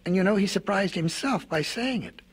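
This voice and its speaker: A man's voice: high voice, animated, normal speed, slightly rough. A man narrating a storybook record in a folksy way, with rambling asides.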